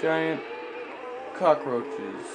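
A man's voice: fairly high pitch, extremely slow, gravelly, music in the background, rough recording. A man commenting on his game, nervous and reacting with yelps and panic. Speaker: gamer. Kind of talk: let's play commentary.

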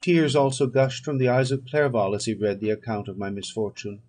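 A man narrates an audiobook in a steady, solemn way. His voice is husky and a little breathy, and it sits at a middle pitch. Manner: measured, solemn reading. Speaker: audiobook reader.

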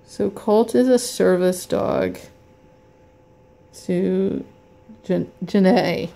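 A woman filming a casual unboxing vlog at home, talking haltingly with many fillers, anxious and in pain. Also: mid-range voice, creaky, warm tone. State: anxious and in pain, hand shaking. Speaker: vlogger. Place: home, indoors.

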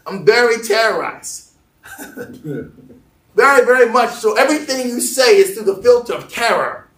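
A male pastor preaching a lively sermon, acting out voices and joking with the congregation. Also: extremely high pitch, moderate pace, echoey room, distant mic. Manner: animated, acts out voices, jokes with the congregation. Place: church sanctuary.

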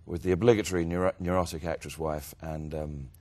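A man's voice: very deep voice, fairly even intonation, a little fast, darkish tone. An English man, an actor guest, chatting in a self-deprecating, joking way with hesitant restarts. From England. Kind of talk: casual interview chat.

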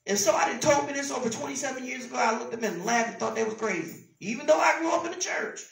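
A woman preaching a sermon with an emphatic, repetitive cadence, swinging between loud exclamations and hushed whispers. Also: sits high, fast, creaky. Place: church sanctuary. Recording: roomy church sound from a distance.

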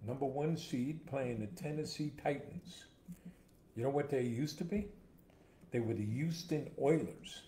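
A man's voice: mid-range voice, unhurried, mellow. A man hosting a casual chat who tells jokes and stories in a playful way, acting out the characters. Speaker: host. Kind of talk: casual chat, joke telling. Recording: echoey room with faint background noise.

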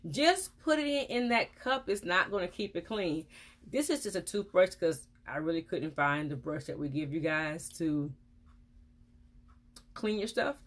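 A woman's voice: medium pitch, a bit bright. A woman dentist, giving frank, chatty advice on a casual live stream.

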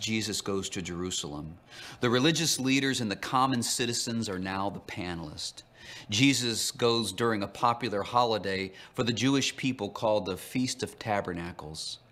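A man narrating a Bible lesson, telling the story and voicing quoted lines with lively shifts. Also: lowish voice. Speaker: teacher.

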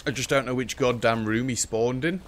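A man's voice: medium pitch, moderate pace. Nervous, chatty man gaming. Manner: nervous, jokey running commentary, taunting the ghost. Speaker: gaming streamer. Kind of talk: solo horror game commentary.

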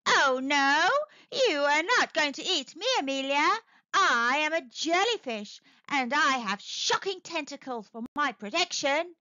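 A woman's voice: sits high, lively intonation, unhurried, bright, forceful tone, dry recording, voice pushed up, full character voice. A woman voicing a confident, smug jellyfish in a children's storybook. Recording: dull, slightly lo-fi, dry.

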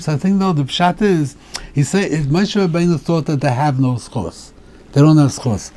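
A man's voice: on the high side, moderate pace, dark tone, a little hiss or hum. A male rabbi teaching a Torah class, asking question after question and often repeating and restarting his words.

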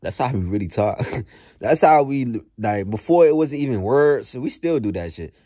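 A man's voice: medium pitch, expressive, moderate pace, warm tone, no room sound, studio quality. A young man vlogging in a blunt, profane, slang-heavy motivational rant that repeats itself.

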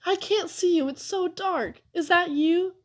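A woman's voice: extremely high pitch, measured pace, voice pushed up. A woman reading aloud and voicing an eager little boy who pleads and chatters cheerfully.

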